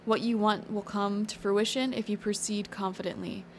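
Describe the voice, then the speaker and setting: A woman's voice: medium pitch, fairly even intonation, moderate pace, a little hiss or hum. Chatty woman giving a tarot reading. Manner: chatty, encouraging, thinks aloud with fillers. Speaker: tarot reader. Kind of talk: casual spoken tarot reading.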